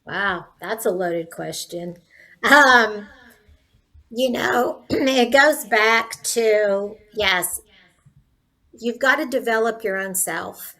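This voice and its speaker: A woman's voice: fairly high pitch, drawn-out words, bright, forceful tone, low-quality recording. A woman in her sixties, a nurse turned entrepreneur, telling her story as an interview guest in an earnest, faith-filled, candid way. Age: 60s.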